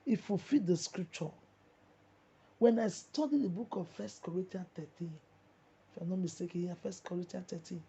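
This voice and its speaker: A woman's voice: on the low side, moderate pace, dark tone, slight background noise. A woman with a Nigerian accent delivering an impassioned, repetitive preaching monologue. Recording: muffled lo-fi recording.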